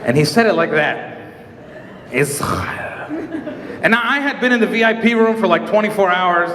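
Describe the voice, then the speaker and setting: A male comedian from Nazareth doing stand-up on a stage mic, telling a story in an animated way and acting out the dialogue. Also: sits high, a little fast, a crowd in the background. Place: large event hall stage. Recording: echoey hall with live audience. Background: audience.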